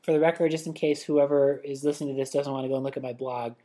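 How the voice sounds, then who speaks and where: A man's voice: medium pitch, fairly even intonation, quick pace, dark tone. A man co-hosting a casual podcast, talking in an easygoing, hesitant way with many ums. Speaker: podcast co-host and father. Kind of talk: casual chat.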